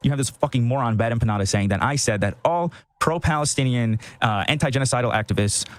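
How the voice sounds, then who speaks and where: A man who talks fast and dry, close on the mic. He defends himself with sarcastic asides. His voice sits in a middle pitch. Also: no room sound.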